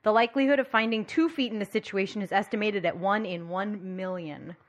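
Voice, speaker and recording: A woman's voice: medium pitch, brisk. A bubbly woman host tells a case to her friends in easy casual chat. She giggles often and slips in puns. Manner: bubbly, giggly, pun-loving storyteller. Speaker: podcast host presenting the case.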